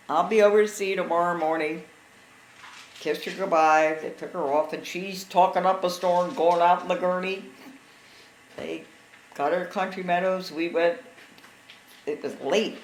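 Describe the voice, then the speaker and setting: A woman in her sixties telling family stories in casual conversation, lively and acting out what others said. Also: low voice. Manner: animated, acts out quotes of others. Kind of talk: casual storytelling. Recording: echoey room with faint background noise.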